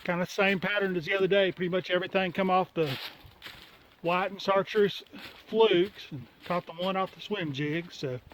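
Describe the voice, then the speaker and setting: A man's voice: sits high, fairly even intonation, moderate pace, fairly bright tone, a little hiss or hum, rough recording. A man from north Alabama, casually narrating a fishing trip by a lake, out of breath and talking to the camera. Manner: laid-back, talks to the camera while fishing. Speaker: fishing vlogger. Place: outdoors by a lake.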